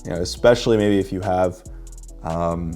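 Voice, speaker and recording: Dating coach guy teaching a class, warm dark tone, faint music underneath. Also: low-pitched, moderate pace. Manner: explanatory, demonstrating delivery. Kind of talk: workshop teaching.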